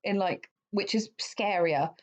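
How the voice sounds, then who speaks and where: A woman's voice: mid-range voice, slow. A woman, co-hosting a podcast and recounting a true-crime case in a chatty, swear-laden way. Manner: chatty, swears freely, many fillers. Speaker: podcast co-host. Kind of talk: casual true-crime storytelling. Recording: dull lo-fi sound.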